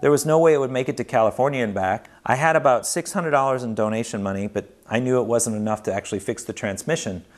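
A man's voice: mid-range voice, fast, hardly any pauses. A man narrating his own story for a documentary in an earnest, conversational way, retelling events vividly. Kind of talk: personal storytelling.

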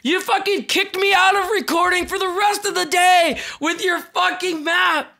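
A hoarse man giving excited gameplay commentary, yelling and swearing as he plays. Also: very high-pitched. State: hoarse from shouting. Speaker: video game player.

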